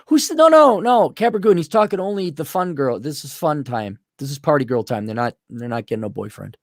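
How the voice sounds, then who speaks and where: A man hosting an opinionated commentary monologue, rambling and animated, often slipping into mocking impressions. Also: a little high, a little fast, hardly any pauses, dry recording, studio quality. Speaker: host.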